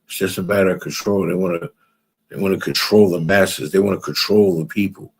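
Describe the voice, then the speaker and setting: A man's voice: sits low, fairly even intonation, fairly quick, slightly rough. A man preaching to a class, reading out scripture and repeating phrases for emphasis, often asking if listeners understand. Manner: reads out scripture verses. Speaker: religious class teacher.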